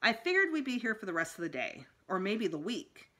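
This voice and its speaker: A woman, a school librarian, reading a children's chapter book aloud with expressive storytelling. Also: mid-range voice, a little fast.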